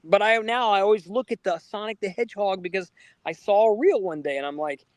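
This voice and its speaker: A man co-hosting a casual podcast, telling stories in a lively way and acting out the people he quotes. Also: high voice, fairly quick, no echo. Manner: animated storyteller, acts out quoted people. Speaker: podcast co-host. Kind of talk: casual storytelling chat.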